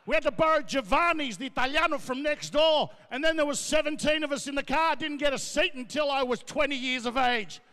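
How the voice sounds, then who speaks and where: A middle-aged man doing brash, loud stand-up as MC at a gala. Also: very high voice. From Australia. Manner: brash, loud, rapid riffing. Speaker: comedian and MC. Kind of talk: stand-up comedy. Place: large gala ballroom. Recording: echoey ballroom, long reverb.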